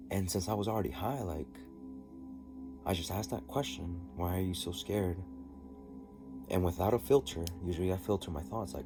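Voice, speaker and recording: Man, very low voice, diary vlog, halting, rambling, restarts, music playing behind. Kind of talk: personal diary vlog, recounting an experience.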